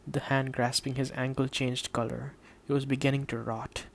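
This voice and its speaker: A man reading an audiobook in a steady, measured way, voicing the dialogue quietly. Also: medium pitch, gravelly. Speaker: audiobook narrator. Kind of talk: scripted audiobook narration.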